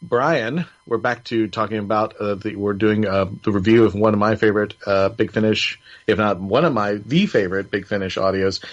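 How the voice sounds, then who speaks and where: A man's voice: on the low side, normal speed, hardly any pauses. A man hosting a casual review show, rambling with many restarts and fillers. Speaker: podcast host. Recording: slightly dull lo-fi audio.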